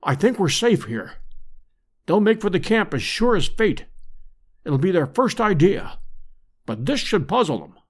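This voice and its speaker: A man's voice: high voice, big pitch swings, measured pace, long pauses, exaggerated voice. A man voicing a brash, hardy English adventurer lord in an audiobook, with clipped, urgent commands. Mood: tense. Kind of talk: audiobook character voice.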